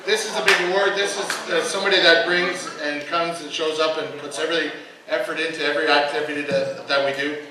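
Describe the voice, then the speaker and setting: A man's voice: on the high side, steady tone, fast, heavy background noise. A man presenting an award at a banquet, plainly announcing the finalists' names. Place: large banquet hall. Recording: echoey hall, distant mic, loud crowd.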